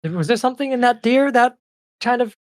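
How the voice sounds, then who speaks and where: Squeaky annoyed ice fairy gal, as the gm puts her on, loud and pushy, no room echo. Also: lively intonation, clean studio sound, lightly acted. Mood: exasperated. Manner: high, loud, exasperated and rapid-fire. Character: impatient young female ice fairy.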